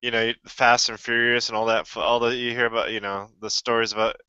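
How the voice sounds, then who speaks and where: A man's voice: medium pitch, little pitch movement, brisk, bright, forceful tone, smooth, dry recording. A man in a casual chat, blunt and swearing. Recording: lo-fi online voice chat.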